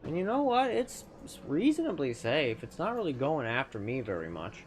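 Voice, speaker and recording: A man's voice: a little high, huge pitch swings, normal speed, slight background noise. A man streamer giving casual gameplay commentary in a chatty, playful way, with lots of self-correcting asides.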